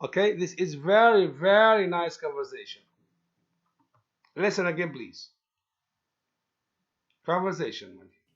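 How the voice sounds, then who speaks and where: A man teaching an English lesson, halting often with fillers and repeating words as he explains. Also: high-pitched, lively intonation, fairly bright tone. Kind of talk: recorded classroom lesson explanation. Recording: dull lo-fi recording.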